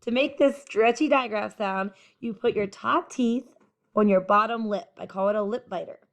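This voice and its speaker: A woman teacher giving a children's phonics lesson, speaking clearly and encouragingly as she models letter sounds. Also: medium pitch, normal speed.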